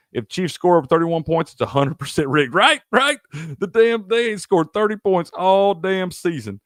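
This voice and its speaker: A Tennessee man hosts a live sports stream, ranting heatedly and profanely as he answers chat. His voice is a little high, and the recording is dry with a clean studio sound.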